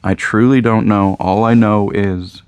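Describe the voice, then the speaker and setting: Midwestern guy hosting a card shop channel, low voice, dry close sound, rambling jokey rant. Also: steady tone, a little slow, a little mellow, smooth, dry recording. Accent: American Midwest. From Indiana, USA. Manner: rambling, joking, repeats himself. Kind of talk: casual rant to camera.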